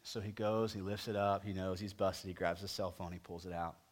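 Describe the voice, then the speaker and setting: A man preaching a sermon as a story, talking with the congregation and moving between loud emphasis and a soft hush. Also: low voice, steady tone, a little fast. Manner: conversational, asks the congregation questions. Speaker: pastor.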